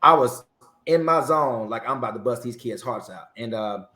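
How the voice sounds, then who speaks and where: A man's voice: mid-range voice, normal speed. A man in his forties, a Marine veteran guest, telling a story in an interview and acting out the dialogue. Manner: lively storyteller who acts out dialogue. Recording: roomy echo.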